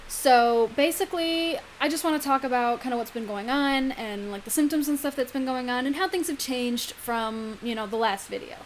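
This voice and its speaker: A woman's voice: high voice, normal speed, few pauses, a little hiss or hum, rough recording. A young woman chatting casually in a vlog, full of ums and likes. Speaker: vlogger. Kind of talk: casual pregnancy vlog chat.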